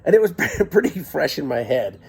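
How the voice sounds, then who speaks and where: Male comic storyteller, husky voice with a lively, swooping pitch; excitable, giggly, filmed on a handheld camera. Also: moderate pace. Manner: excitable, giggling, shouts quoted lines.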